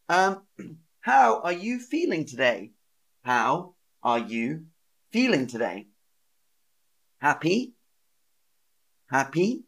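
A man teaching English on a live stream, repeating words slowly and acting out feelings with sighs and gasps for learners. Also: medium pitch, very animated, a bit bright. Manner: slow, exaggerated, repeats words and sentences for learners.

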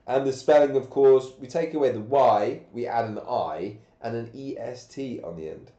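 A man's voice: mid-range voice, moderate pace, few pauses, warm tone. A man, sick and coughing, teaching grammar on a live stream with patient step-by-step questions. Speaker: English teacher. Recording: echoey, dull lo-fi room sound.

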